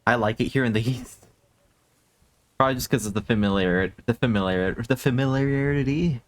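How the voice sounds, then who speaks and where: A man from the United States chatting casually on a live stream, soft-spoken and a bit hesitant, laughing often. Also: mid-range voice, moderate pace.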